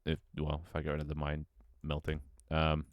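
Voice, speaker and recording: Very deep-voiced man streaming gameplay. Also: completely flat delivery, a little fast, no room sound. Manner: rambling, swears freely, reacts to chat. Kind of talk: casual gameplay livestream commentary.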